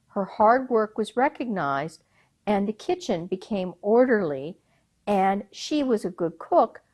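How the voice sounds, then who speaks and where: A woman storyteller narrating a folk tale at a public event. She speaks slowly and deliberately, and her pitch rises and falls a great deal as she brings the story to life. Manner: expressive, slow and deliberate.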